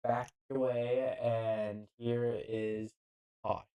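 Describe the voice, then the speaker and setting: A man calling a football match live as an amateur commentator, speaking slowly and in a halting way. He keeps second-guessing player names and drops casual asides between the plays. His pitch sits in an ordinary middle range for a man. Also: little pitch movement, mellow, smooth, low-quality recording. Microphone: handheld microphone.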